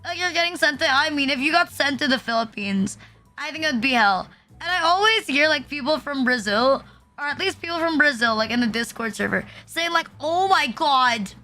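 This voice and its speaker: A woman's voice: high voice, lively intonation, fairly quick, bright, forceful tone, faint music behind. A young adult woman streaming as a VTuber, chatting casually and rambling with frequent swearing and restarts. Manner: rambling, swearing, self-interrupting.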